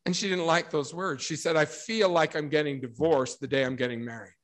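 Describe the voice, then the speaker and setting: A middle-aged man delivering a religious talk with a slightly higher voice. He tells stories animatedly and acts out each quote. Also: steady tone, brisk, hardly any pauses. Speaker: speaker.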